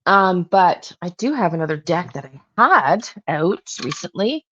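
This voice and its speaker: A woman's voice: lowish voice, lively intonation, measured pace, few pauses, a bit bright, lo-fi sound. A woman hosting a true crime channel, talking to herself while she pulls tarot cards and repeats her questions to spirit.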